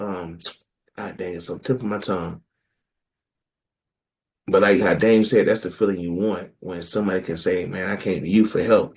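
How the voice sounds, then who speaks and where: A man with a lowish, creaky voice co-hosts a podcast, chatting casually and animatedly about scripture in a group. He jokes around and mimics people by putting on quoted voices.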